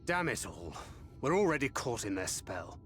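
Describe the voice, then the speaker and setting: A man's voice: mid-range voice, very animated, moderate pace, a bit bright, faint music behind. A man voicing a stern, protective warrior in a video game, speaking in a clipped, scolding way. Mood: grim.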